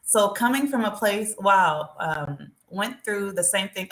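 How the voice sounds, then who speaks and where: Lady live streaming, chatty and animated, bright voice, roomy echo. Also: mid-range voice, slow pace. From United States. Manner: animated, talking straight to her viewers. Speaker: vlogger.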